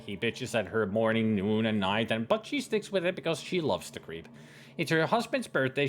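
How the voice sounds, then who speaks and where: A man reads game texts and jokes aloud for his let's play, casual and mocking. His pitch swings lively through every line, and a faint hiss sits under the voice. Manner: casual, mocking, with fillers and slips. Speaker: let's player. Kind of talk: gaming commentary, reading texts and jokes aloud.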